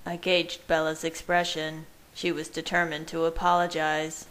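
A woman with a low voice reading fan fiction aloud in the first person. She narrates at a steady, measured pace. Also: rough recording. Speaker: reader.

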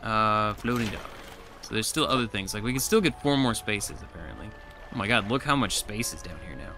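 A man's voice: on the low side, lively intonation, a little fast, over music. A man giving casual let's play commentary as he plays, chatty and talking to himself, with frustrated outbursts. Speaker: gameplay streamer.

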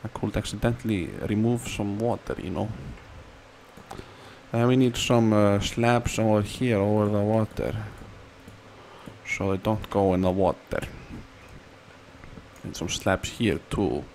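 A playful man talks through his game in an unhurried, easygoing way. He drifts into a sing-song tone and sometimes squeals single words far up in his voice. A faint hiss of noise sits behind him. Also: on the low side, a little mellow. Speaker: gamer. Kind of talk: casual gameplay commentary.

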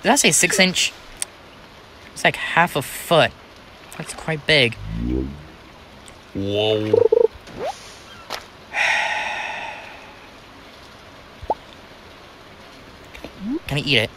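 A man's voice: a little high, very animated, drawn-out words, pauses often, bright, forceful tone, slight background noise, rough recording. A young American man giving rambling, casual commentary while playing a farming game, talking to himself with many restarts. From United States. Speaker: gaming channel host.

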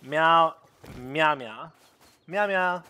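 Man playing a catlike thug in game voice chat: slow, bright meows and trills. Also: on the high side, clean tone, full character voice. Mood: playful meowing. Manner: answers almost everything in drawn-out meows and purring trills. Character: man roleplaying a catlike gang member who only meows. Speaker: game roleplayer. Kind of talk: voice chat roleplay in an online game.

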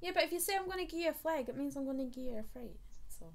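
A woman's voice: high-pitched, lively intonation, very fast, creaky. A woman co-hosting a live stream, chatting playfully and giggling often. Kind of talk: casual chat.

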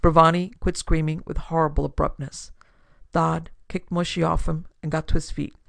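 A woman's voice: low-pitched, flat delivery, normal speed, creaky, dry recording. A woman narrating a classic pulp detective story with dramatic storytelling for her podcast. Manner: dramatic storytelling, builds force in action scenes.

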